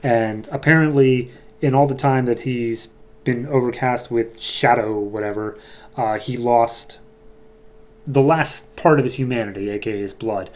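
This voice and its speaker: A man's voice: mid-range voice, measured pace, darkish tone. A man hosting a casual comic book review, rambling along with frequent fillers and a light, jokey tone. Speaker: podcast host.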